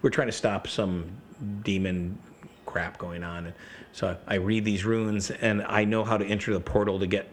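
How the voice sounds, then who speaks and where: A man's voice: on the low side, flat delivery, normal speed, slight background noise. A middle-aged man chatting casually as a podcast guest, rambling through gaming stories and acting out quotes. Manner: rambling storyteller, acts out quotes. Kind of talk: casual chat.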